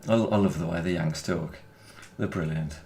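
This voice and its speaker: Chatty low-voiced Birmingham man. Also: moderate pace, vocal fry, darkish tone, a little hiss or hum. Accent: Birmingham English. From England. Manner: chatty and rambling, chuckles often. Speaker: gaming YouTuber. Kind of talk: casual chat over gameplay.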